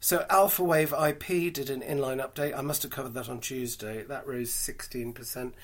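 A British man hosting a solo podcast, giving chatty, frank market commentary full of dry asides and fillers. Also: mid-range voice. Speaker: podcast host.

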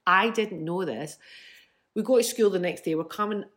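A woman in her fifties, a musician telling stories from childhood in a chatty, animated way with bursts of laughter. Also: mid-range voice, normal speed. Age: 50s. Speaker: guest, musician. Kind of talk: casual storytelling.

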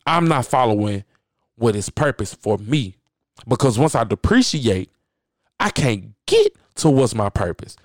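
A man's voice: mid-range voice, big pitch swings, a little slow, dry recording, studio quality. A man hosting a podcast, giving a blunt, profane motivational rant and hammering his points home by repeating phrases. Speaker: podcast host.

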